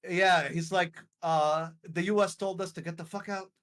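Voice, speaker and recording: It's a casual storytelling chat from a young man in Lebanon who hosts a live call on his stream, performing quotes and swearing openly. He has a high-pitched, slightly bright voice with fairly even intonation and a normal speed.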